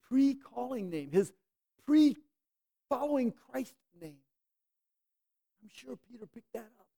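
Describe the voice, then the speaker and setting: An emphatic preacher delivering a sermon. The voice stretches key words out slowly and then pushes the listeners with pointed rhetorical questions. Its pitch sits in the middle of the usual range. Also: darkish tone.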